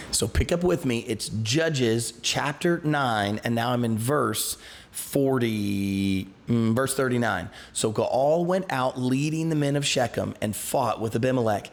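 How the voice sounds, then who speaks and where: A pastor with a mid-range voice and normal speed leads a Bible study. He reads scripture aloud, then retells it loosely in everyday terms, with restarts and asides.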